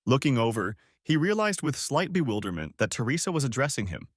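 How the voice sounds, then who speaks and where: A man narrating a scripted audiobook story with expressive storytelling. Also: mid-range voice, brisk, hardly any pauses, dry recording, clean studio sound.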